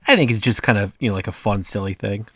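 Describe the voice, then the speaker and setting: A man's voice: on the low side, quick pace, a bit bright, breathy edge, no room sound. A man casually talking through his own cartoons, rambling and filling his talk with "like" and "uh". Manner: rambling, full of "like" and "uh" fillers. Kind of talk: casual vlog commentary.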